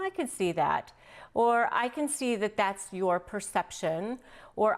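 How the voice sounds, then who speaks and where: Woman giving lively direct advice. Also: mid-range voice. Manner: lively, acts out quoted phrases. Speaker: host. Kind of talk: direct-to-camera advice talk.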